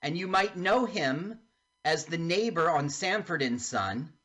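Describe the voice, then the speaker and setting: A radio host talking a listener through a film, lively and slipping into mock accents for the characters. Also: medium pitch, unhurried. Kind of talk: casual radio talk with film commentary.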